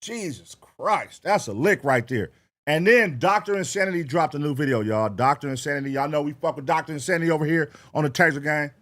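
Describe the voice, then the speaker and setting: A man hosting a casual livestream, talking loose and slangy and half-singing shout-outs to viewers. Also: fairly high pitch, lively intonation, brisk. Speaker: livestream reaction host. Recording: hip hop music playing behind.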